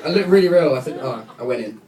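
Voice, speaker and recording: A man's voice: a little high, lively intonation, very fast. A young British man, a guest singer, chatting and joking through a casual fan Q&A in a radio studio. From Britain. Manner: chatty, giggly, jokey. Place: radio studio room with a live audience. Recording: echoey room, distant mic, crowd noise.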